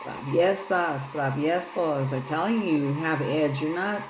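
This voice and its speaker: A tarot reader with a low-pitched, slightly slow voice gives a loose, rambling reading full of casual profanity. The room is echoey, and loud music plays.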